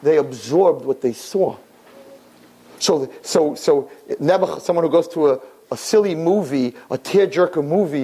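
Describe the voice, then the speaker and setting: A woman in her fifties giving a Torah class, animated, rhetorical and fast-talking. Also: sits low, slightly rough.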